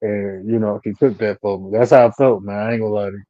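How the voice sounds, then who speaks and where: A man's voice: lowish voice, steady tone, fast talker, no echo, lo-fi sound. A man telling a profane, slang-heavy story in casual talk on a live panel stream.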